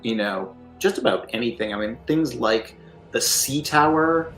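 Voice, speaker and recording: A man talking through game design ideas on a live stream, measured and leaning on "you know" fillers. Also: medium pitch, animated, a bit bright, reverberant, soft background music, rough recording. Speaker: line developer and game designer.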